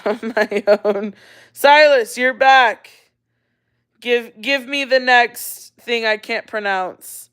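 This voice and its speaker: Bright, smooth woman chatting on a livestream. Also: mid-range voice. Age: 30s. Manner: chatty, laughing, reads viewer comments aloud. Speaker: livestream host. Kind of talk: casual livestream chat.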